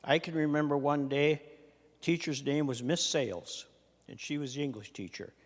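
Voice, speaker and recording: An older Minnesotan retiring from the state senate delivers a farewell address on the chamber floor, his voice a little high and his pace normal. He leans on homespun storytelling and understated humor, with the large hall producing a long, lingering reverb.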